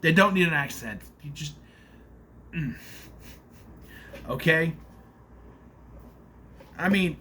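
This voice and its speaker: A man's voice: fairly high pitch, lively intonation, slow, long pauses, sharp tone, slight background noise. A man giving a casual, rambling spoiler review of a movie, nitpicking in an exasperated way with plenty of fillers.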